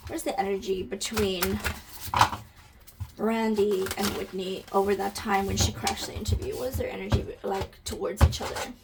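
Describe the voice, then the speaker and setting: A woman's voice: mid-range voice, steady tone, normal speed, gravelly, over loud music. A woman giving an intuitive energy reading to camera, musing aloud, asking questions and talking directly to her viewers, easily moved to emotion.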